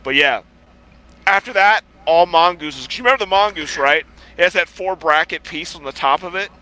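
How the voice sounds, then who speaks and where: A man's voice: high voice, lively intonation, normal speed, pushed and bright, smooth, rough recording. A man co-hosting a casual podcast who tells stories animatedly, acts out the people in them, swears and laughs often. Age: adult, past college. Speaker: podcast co-host. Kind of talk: casual chat, storytelling.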